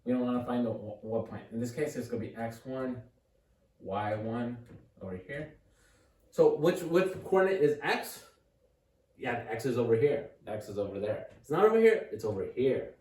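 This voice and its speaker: A man's voice: medium pitch, normal speed, warm tone. A man giving a casual, upbeat math lesson at a board, thinking aloud and encouraging the viewer. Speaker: math tutor. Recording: echoey room, mic at a distance.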